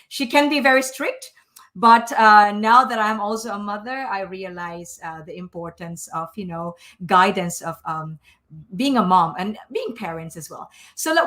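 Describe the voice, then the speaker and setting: A woman's voice: mid-range voice, fairly bright tone. A woman, hosting a live online show in an effusive, emotional way with many fillers. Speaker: host.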